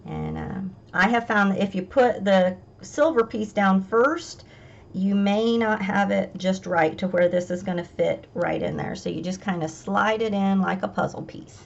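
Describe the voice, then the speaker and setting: A woman's voice: medium pitch, fairly even intonation, a little slow, gravelly, lo-fi sound, slight background noise. A woman hosting a craft tutorial, chatting casually as she talks through each step.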